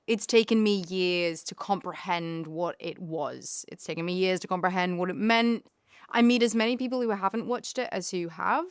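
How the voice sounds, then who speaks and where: Actress guest reminiscing, expressive and quick to well up, dry booth sound. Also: female voice, lowish voice, clean tone, dry recording. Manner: animated, emotional, quick to laugh and tear up. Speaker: actor guest. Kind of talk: casual interview chat.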